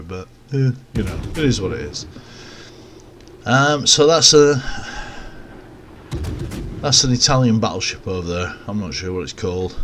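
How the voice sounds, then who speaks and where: Low-voiced man rambling through gameplay. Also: a little hiss or hum. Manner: rambling, relaxed, self-mocking asides. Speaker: gameplay commentator. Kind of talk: casual gameplay commentary.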